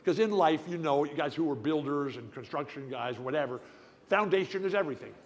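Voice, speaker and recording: An older man speaks as guest at a banquet in a slightly high voice. He tells his stories with animated energy, often restarting or repeating a word before pressing on. The sound carries a long reverb from a large hall. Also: fairly quick. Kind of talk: after-dinner speech.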